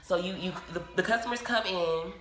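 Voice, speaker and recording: Animated woman telling a story, acts out quotes, bright voice, roomy echo. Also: lowish voice, brisk, faint music behind. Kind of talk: casual storytime monologue.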